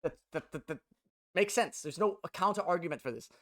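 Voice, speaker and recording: A man's voice: a little high, expressive, fairly quick, a bit bright. A young man who plays esports and streams, ranting casually to his viewers, agitated and profane, with many stumbles and restarts.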